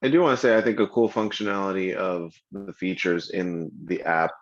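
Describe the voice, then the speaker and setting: A man's voice: low voice, brisk. A man on a team call, laid-back and joking while reporting on testing an app. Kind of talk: casual work meeting. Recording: dull lo-fi microphone.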